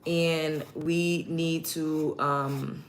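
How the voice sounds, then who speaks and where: A woman's voice: low-pitched, level tone, very slow, slight background noise. A woman host talking casually to her livestream chat while getting ready. She is blunt and emphatic and repeats her points for stress. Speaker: show host.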